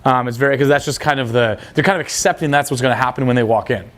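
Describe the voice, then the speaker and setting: A man's voice: mid-range voice, very fast, fairly bright tone. A young man coaching on dating, blunt and crude, acting out quoted dialogue. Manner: blunt, casual, crude slang. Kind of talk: coaching talk.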